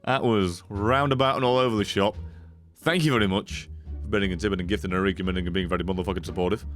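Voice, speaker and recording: A man's voice: deep voice, quick pace, soft background music. A man signing off a live stream, rambling, swearing a lot and getting worked up at chat. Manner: profane, excitable, rambling. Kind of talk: casual stream sign-off chat.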